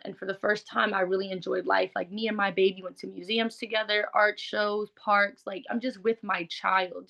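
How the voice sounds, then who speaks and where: A woman's voice: mid-range voice, creaky, fairly bright tone. A woman speaking as an interview guest, telling a personal story in a frank, conversational way with lots of "like". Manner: frank, conversational, heavy use of "like".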